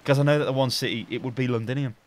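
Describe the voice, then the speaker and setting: A man bantering over a video game, boastful, sweary and quick to laugh. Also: mid-range voice, steady tone, dry recording. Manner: boisterous, sweary, giggly mock-pompous bragging. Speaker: gamer playing with a friend. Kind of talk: casual gaming banter.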